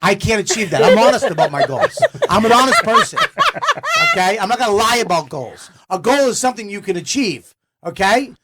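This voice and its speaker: A middle-aged man, a comedian telling stories on a talk show, excitable and swearing a lot. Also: sits high, fairly quick, a little hiss or hum. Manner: excitable, swears a lot, shouts in quoted outbursts. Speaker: guest comedian. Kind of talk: animated storytelling chat.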